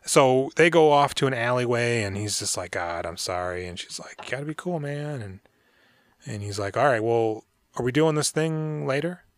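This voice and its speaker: A man's voice: mid-range voice, expressive, moderate pace, dry recording, clean studio sound. Man casually rambling through a movie recap. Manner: rambling and profane, acts out characters' lines. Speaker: podcast co-host.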